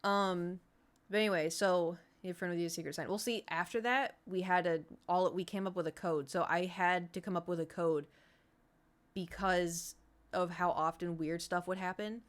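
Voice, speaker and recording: A woman's voice: on the low side, steady tone, moderate pace. A woman streamer telling a story in casual, rambling chat, full of fillers and restarts. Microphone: streaming setup.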